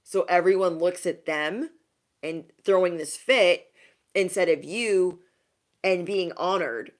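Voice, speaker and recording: A woman giving a casual tarot reading to her viewers, sassy and emphatic, repeating lines for effect. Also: slow pace. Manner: mocks others in high put-on voices. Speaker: tarot reader.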